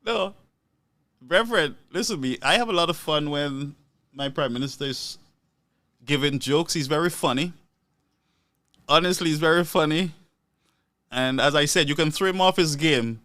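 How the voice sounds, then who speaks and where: Laughing man, high and bright. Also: normal speed, pauses often, no room sound, clean studio sound. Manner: animated, laughs often between phrases; repeats words for emphasis, mimics others. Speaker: political commentator. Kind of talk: live-stream political commentary.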